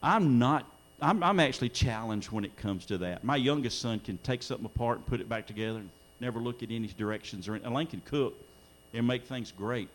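A man's voice: mid-range voice, fairly quick, hardly any pauses. A middle-aged man preaching a sermon in a church, earnest, his voice swelling when he quotes scripture. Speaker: pastor. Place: church sanctuary during a live-streamed service.

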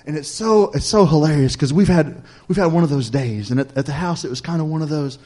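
A man's voice: a little high, fairly quick, a little mellow. A man preaching a sermon, telling a story in a folksy, chatty way and speaking straight to the congregation.

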